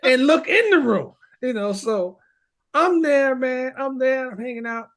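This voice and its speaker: A man's voice: very high voice, a little slow. A man co-hosting a podcast, telling a story in casual chat and acting out the voices of the people in it. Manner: animated storyteller, acts out voices. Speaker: podcast co-host.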